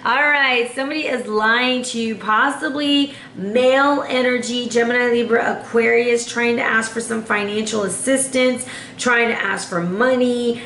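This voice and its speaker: A woman's voice: fairly high pitch, measured pace, fairly bright tone. Sassy chatty woman tarot reader. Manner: chatty and sassy, lots of fillers. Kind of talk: casual tarot reading to camera. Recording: echoey room with faint noise.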